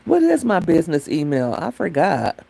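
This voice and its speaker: A woman hosting a relaxed livestream on her phone speaks directly to viewers in a mellow, warm voice that is low-pitched, creaky, and breathy, with huge swings in pitch at a normal speed. She drifts from thought to thought and reads chat comments aloud.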